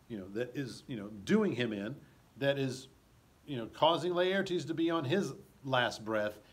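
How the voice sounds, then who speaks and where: Brief: male teacher walking through a play, unhurried, mid-pitched, explanatory, keeps asking if it's clear. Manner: slow, explanatory, frequent check-ins.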